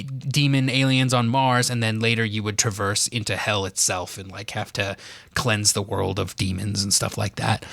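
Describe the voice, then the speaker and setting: Male podcast co-host, middle pitch, loose filler-heavy explainer, hiccuping, dry close mic. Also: fairly bright tone, no room sound. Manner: explains at length with many fillers. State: has the hiccups. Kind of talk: casual chat.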